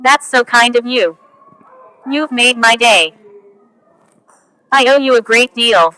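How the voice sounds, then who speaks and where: A woman reading English example phrases one at a time for learners, slow and careful. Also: fairly high pitch, bright, forceful tone, no room sound, poor audio. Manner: slow, careful, each phrase spoken on its own. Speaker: English teacher.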